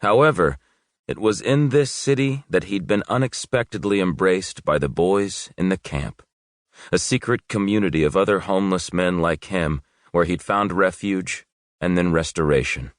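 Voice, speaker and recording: A man reading a thriller audiobook in a steady, measured storytelling voice. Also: sits low, dry recording, studio quality. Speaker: audiobook narrator. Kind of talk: scripted narration.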